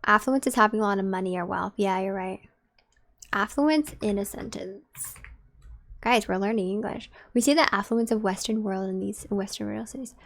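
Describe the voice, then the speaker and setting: A woman's voice: medium pitch, normal speed, gravelly. A woman streaming a game and chatting casually with her viewers, musing aloud. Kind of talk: casual gameplay commentary.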